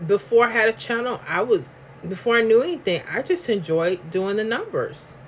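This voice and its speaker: A New York woman with a matching accent hosts a live stream, reading viewer comments aloud in chatty, emphatic slang. Her voice is mid-range, with a little hiss or hum in the audio.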